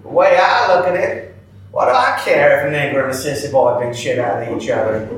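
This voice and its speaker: An actor playing an older, bigoted night-shift cook who tells a rambling, folksy story in a drawl, captured on an echoey stage from afar. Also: male voice, medium pitch, a little fast, recorded from a distance, a little hiss or hum, lightly acted. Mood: heated. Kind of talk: theatrical monologue.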